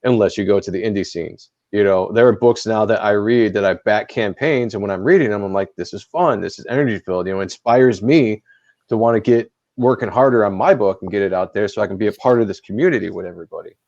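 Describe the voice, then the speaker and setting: A man's voice: on the low side, fast, darkish tone, no echo, lo-fi sound. A man co-hosting a podcast in casual chat, talking bluntly and swearing freely. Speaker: podcast co-host.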